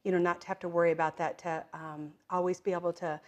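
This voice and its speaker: Chatty woman telling lively stories. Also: fairly low pitch, quick pace, muffled recording. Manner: lively storyteller who acts out quoted voices and laughs often; many fillers like "um" and "like". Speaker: guest, direct-selling entrepreneur. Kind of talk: casual interview conversation.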